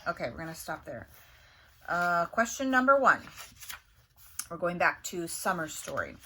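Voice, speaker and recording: A woman teacher reading a novel aloud to her class with expressive storytelling, then asking questions about it. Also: fairly low pitch, normal speed, slight background noise.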